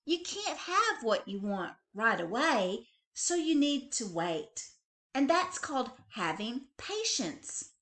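Woman reader as a patient storybook mother bunny, soft and slow. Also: high-pitched, sing-song, pitched above the performer's own voice, full character voice. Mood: calm.

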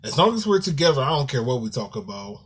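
A man vlogging to his viewers in a casual, halting and apologetic way, calling them "y'all". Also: mid-range voice, big pitch swings, husky. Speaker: YouTuber. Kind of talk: casual talk to camera.

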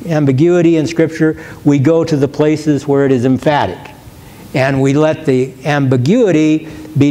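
A pastor in a church, earnestly teaching. His voice sits a little high for a man, yet it sounds dark and mellow. He stresses key words slowly and often restarts his phrases as he thinks. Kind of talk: question-and-answer teaching.

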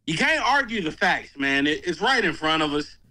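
A man's voice: a little high, sing-song, normal speed, sharp tone. A man called in on a headset, hamming it up with mock-dramatic comic rants. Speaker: friend called in. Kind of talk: casual call chat. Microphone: gaming headset.

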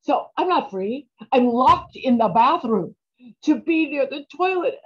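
A woman performing a stage monologue about her girlhood. She sounds stubborn and indignant, and bursts into shouts. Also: high voice, expressive, measured pace, highs cut off.

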